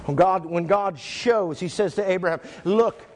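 A male pastor preaching a sermon to his church, reading scripture slowly and stressing single words. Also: high voice. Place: church sanctuary. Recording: echoey church hall.

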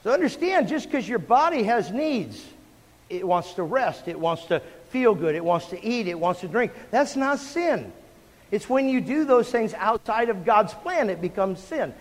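A man's voice: high voice, big pitch swings, normal speed. A middle-aged man preaching a sermon to a church congregation, emphatic and calling for responses from the room. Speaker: pastor. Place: church sanctuary. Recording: long hall reverb.

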